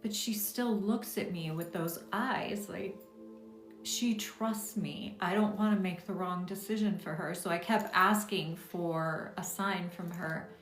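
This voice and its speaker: A woman's voice: lowish voice, measured pace, echoey room, soft background music. A woman hosting a witchcraft livestream, telling a story in a rambling, casual way with many fillers and restarts. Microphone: phone or webcam on a live stream.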